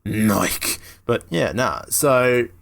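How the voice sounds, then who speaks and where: A man's voice: medium pitch, lively intonation, very slow, gravelly, a bit bright. Laughing, rambling podcast host man. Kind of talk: casual chat.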